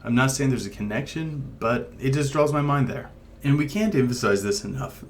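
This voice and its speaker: A man co-hosting a paranormal discussion show, explaining things in a measured, thoughtful way. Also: medium pitch, expressive, a little hiss or hum. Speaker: paranormal podcast co-host. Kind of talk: casual discussion.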